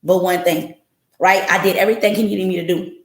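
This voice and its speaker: This woman has a lowish, fairly even voice and speaks briskly in a roomy-sounding space. She hosts a livestreamed podcast from home, talking right to her chat and telling her story bluntly, swearing along the way.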